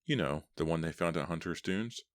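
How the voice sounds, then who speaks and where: A man voicing a frightened, insistent teenage girl in a storybook reading, with shrill, pleading lines. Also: a little fast, no echo, clean studio sound. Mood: tense, fearful.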